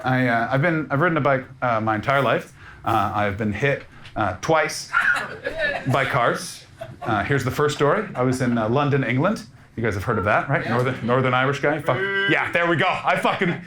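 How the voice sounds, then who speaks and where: A man doing stand-up crowd work, teasing the audience in a brash, profane, rapid-fire way. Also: medium pitch, very noisy. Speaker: stand-up comedian. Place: comedy club stage before a live audience. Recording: live club recording with crowd laughter. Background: audience laughter.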